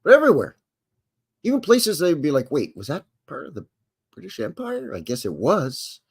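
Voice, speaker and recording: A man's voice: on the high side, huge pitch swings, moderate pace, a little mellow, breathy edge. A Canadian man hosting a live stream in a folksy, jokey way, greeting chatters by name. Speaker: livestream host. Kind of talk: casual live-stream chat.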